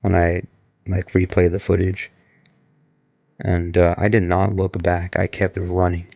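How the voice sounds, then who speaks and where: A man's voice: deep voice, monotone, a little slow, creaky, highs cut off. A young man casually retelling a story in a loose, rambling way, full of filler words. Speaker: vlogger recounting an experience.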